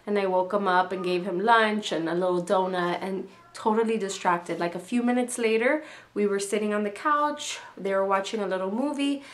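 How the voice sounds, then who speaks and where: A woman's voice: medium pitch, normal speed. A young woman talking candidly in a casual video diary, a mother who sounds a little emotional. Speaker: vlogger, mother.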